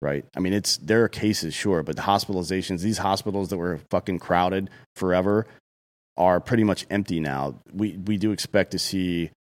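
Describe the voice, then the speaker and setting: Deep-voiced blunt man ranting. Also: moderate pace. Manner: blunt, heated, swears often. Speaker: podcast co-host. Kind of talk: casual profane opinion talk.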